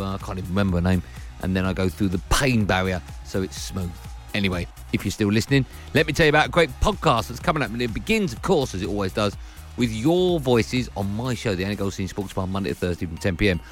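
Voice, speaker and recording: A man hosting a sports podcast, joking and bantering. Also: on the low side. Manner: jokey, self-mocking banter. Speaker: radio host. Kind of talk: sports radio chat.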